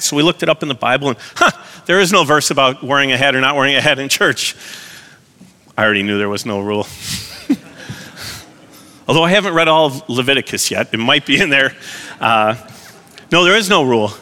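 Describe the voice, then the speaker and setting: Preacher guy talking to his church, folksy and plainspoken, bright tone, long hall echo. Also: mid-range voice, animated, a little fast, pauses often. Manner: folksy, conversational, self-deprecating. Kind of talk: sermon.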